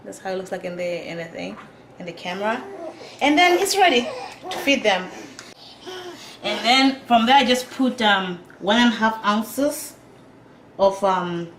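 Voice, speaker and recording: A woman's voice: medium pitch, lively intonation, unhurried, long pauses, a bit bright. A woman, a mother of twins, chatting casually as she shows how she feeds her baby at home. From Africa. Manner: chatty, repeats "you see", laughs often. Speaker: mother of twin babies. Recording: roomy with faint noise.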